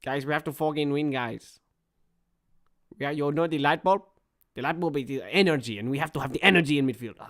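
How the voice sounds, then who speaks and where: An earnest football manager with a put-on Spanish accent gives a hushed team talk, fired up and repeating short phrases, as a man puts him on in a fairly high voice. His lines are low and quiet but emphatic. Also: fairly quick. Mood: urgent.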